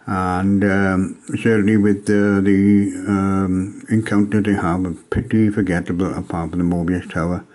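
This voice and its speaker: A man from Wales casually reviewing an old tabletop game module, pausing often with ums and uhs as he gathers his thoughts. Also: sits low, little pitch movement, darkish tone. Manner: hesitant, many ums and uhs.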